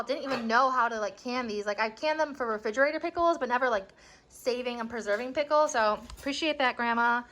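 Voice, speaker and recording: A woman's voice: sits high, fairly bright tone, poor audio. Chatty young woman vlogging at home. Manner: chatty, giggly, self-mocking. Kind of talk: casual vlog narration. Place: home kitchen and garden.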